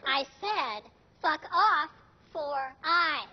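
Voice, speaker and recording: Foul-mouthed cocky parrot, very high. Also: male voice, lively intonation, normal speed, muffled recording. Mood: taunting. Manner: taunting, vulgar, boastful.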